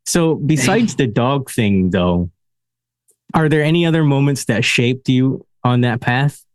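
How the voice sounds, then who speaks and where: A man's voice: medium pitch, lively intonation, a little slow, dry recording. A man hosts a casual podcast conversation, asking questions between easy laughs. He is blunt and swears without fuss. His voice sits close and dry, with no room sound around it. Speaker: podcast host. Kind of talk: casual interview chat.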